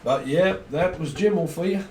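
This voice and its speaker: A man's voice: fairly high pitch, normal speed, a little mellow, distant mic. A man giving a casual tarot reading, joking and riffing on wordplay and rhymes. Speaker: tarot reader. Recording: roomy with faint noise.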